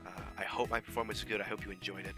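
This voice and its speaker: A man's voice: on the low side, flat delivery, very fast, over music. A man casually explaining how he made his fan audio drama, rambling with many fillers and restarts. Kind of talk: casual behind-the-scenes talk.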